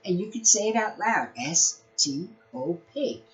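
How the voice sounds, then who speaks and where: Lively, sing-song woman reading to kids. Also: medium pitch, measured pace. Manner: animated, sing-song storybook delivery with playful asides. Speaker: early-reading teacher. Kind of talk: reading a picture book aloud to young children. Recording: dull lo-fi recording.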